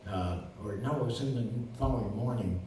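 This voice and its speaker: Older male storyteller, rambling, halting delivery, far from the mic, faint hiss. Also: on the low side, mellow. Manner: rambling, with many fillers and restarts. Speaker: lawyer and guest. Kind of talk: casual storytelling. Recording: roomy distant recording with faint noise.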